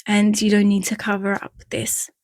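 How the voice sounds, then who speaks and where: A woman's voice: mid-range voice, completely flat delivery, moderate pace, darkish tone, no room sound. A woman with an Eastern European accent giving frank, chatty breakup advice in a casual vlog, drifting off topic and laughing at herself. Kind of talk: casual direct-to-camera talk.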